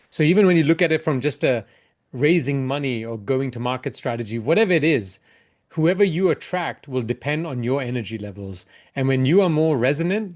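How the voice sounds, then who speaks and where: A man's voice: medium pitch, darkish tone. A man speaks as a keynote speaker and investor. His delivery is earnest and reflective, with a mid-range voice. He ends on a short parable.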